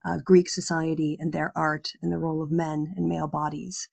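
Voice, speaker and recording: A woman hosting a casual panel discussion, explaining her points in a measured way. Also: sits low, little pitch movement, gravelly, darkish tone, breathy edge, no room sound.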